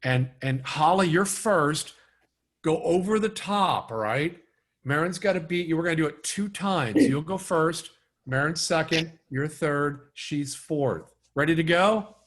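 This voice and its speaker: A man's voice: a little high, unhurried, fairly bright tone. A man leading a live online sales training, coaching and urging participants on over a video call.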